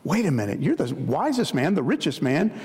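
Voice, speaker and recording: A man's voice: a little high, big pitch swings, a little fast, darkish tone. Earnest preacher man in a reverberant hall. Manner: earnest, repetitive emphatic phrasing, addresses listeners as guys. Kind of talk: sermon.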